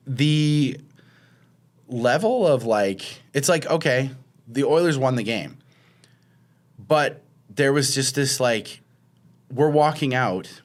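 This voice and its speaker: A young man co-hosting a podcast, telling a long rambling story in casual chat and acting out what others said. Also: mid-range voice. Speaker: podcast co-host.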